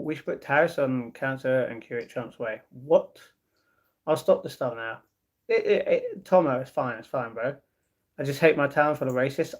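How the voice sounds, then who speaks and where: A man hosting a casual livestream, reading viewer comments aloud and answering them with easygoing replies. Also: mid-range voice. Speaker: livestream host.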